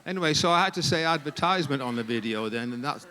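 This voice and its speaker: An English man speaking at a ministry staff gathering, telling humorous stories in an animated, jokey way and laughing often. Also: fairly high pitch, quick pace. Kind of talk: humorous storytelling talk.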